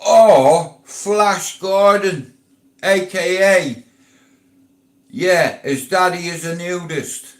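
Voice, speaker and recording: A man's voice: high voice, roomy sound. A middle-aged Irish man talking casually on a live stream, blunt, boastful and full of swearing and slang.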